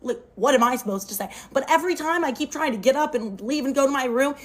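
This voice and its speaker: Young woman, fairly high voice, casual phone storytime, animated and chatty with lots of "like". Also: fast talker. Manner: expressive, animated retelling with lots of "like".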